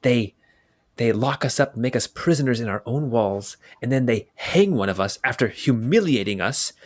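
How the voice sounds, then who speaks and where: A man voicing a male barkeep who leans in and lowers his voice, growing riled up about his city's occupiers. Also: normal speed, lightly acted. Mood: bitter. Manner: conspiratorial, lowers voice. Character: male barkeep, friendly then angry.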